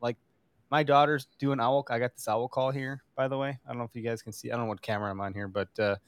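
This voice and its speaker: A man's voice: mid-range voice, smooth, no room sound. A man co-hosting a podcast, chatting casually, joking and laughing as he talks. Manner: animated, joking, quick laughs. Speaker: podcast co-host.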